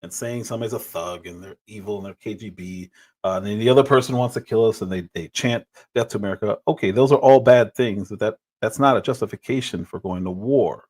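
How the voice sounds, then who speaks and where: A man's voice: fairly low pitch, quick pace, a little mellow, slightly rough. Exasperated man reacting on stream. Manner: exasperated, mocking remarks. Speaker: livestream host. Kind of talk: reaction commentary.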